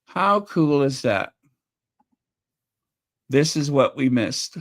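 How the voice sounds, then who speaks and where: A channel host reacts to video clips with casual, chatty commentary, wearing his emotions openly and often repeating himself. His mid-range, expressive voice moves slowly and is getting a little strained.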